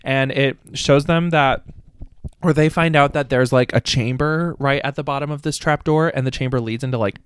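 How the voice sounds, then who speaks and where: A man's voice: fairly high pitch, clear, resonant tone. A man recapping a book casually on a podcast, rambling and swearing, laughing at the silly plot. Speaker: podcast host.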